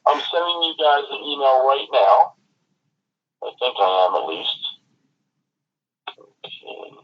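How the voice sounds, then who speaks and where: A man tells a casual, rambling story, stopping often on ums and restarts. His voice sits at a middling pitch and is a bit husky. The sound is dull and lo-fi, like a remote podcast call. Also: very animated, unhurried. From Philadelphia area, USA. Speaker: podcast co-host.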